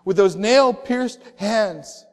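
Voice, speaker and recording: A male pastor preaching a sermon, telling stories and slowing down on emphatic phrases. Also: high-pitched, long reverb tail.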